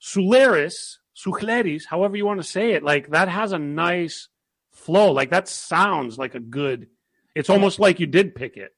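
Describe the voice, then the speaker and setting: A man's voice: a little high, animated, normal speed, creaky, fairly bright tone. A man hosting a casual interview, enthusiastic and joking with his guests. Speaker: host.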